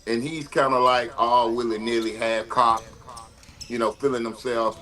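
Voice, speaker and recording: A man, a guest telling animated stories with frequent fillers and restarts. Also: medium pitch, normal speed. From Mississippi, US. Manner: animated storyteller, frequent uh and repeated words. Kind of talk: conversational storytelling.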